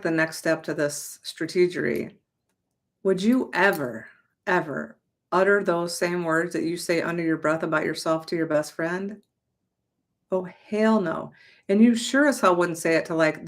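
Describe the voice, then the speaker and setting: A young adult woman giving a casual, emphatic motivational talk as a manifestation coach, chatty and swearing lightly. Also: lowish voice.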